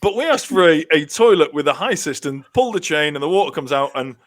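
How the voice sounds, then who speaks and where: A man chatting casually on a podcast as a lively storyteller who acts out the lines he quotes. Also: on the high side, a little fast, a crowd in the background. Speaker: contestant telling a story.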